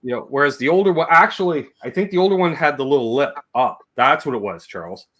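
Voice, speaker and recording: Lively, bright-voiced man telling stories. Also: a little high, fast talker. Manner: rambling, jokey, imitates relatives' voices. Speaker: guest. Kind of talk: casual storytelling on a livestream.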